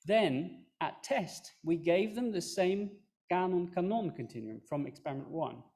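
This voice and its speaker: A man's voice: high-pitched, expressive, unhurried, a little mellow. A man presenting an academic research talk, explaining his method step by step with fillers and small self-corrections. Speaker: conference speaker.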